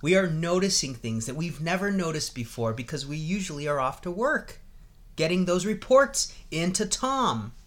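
A man hosting a casual show, opening with a steady, repeated list of things people are no longer doing. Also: fairly high pitch, normal speed. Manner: steady, building lists by repetition. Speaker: host.

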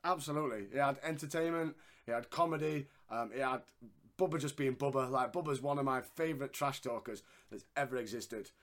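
A man's voice: mid-range voice, fairly quick. A man co-hosting a casual wrestling review, laughing often and swearing freely. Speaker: podcast co-host.

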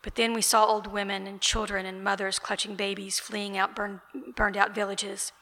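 A woman author reads her novel aloud in a steady, even voice. The voice is bright and gravelly, with very little rise and fall. The sound carries a long hall echo. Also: mid-range voice, normal speed. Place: author event, indoors. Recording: reverberant event room.

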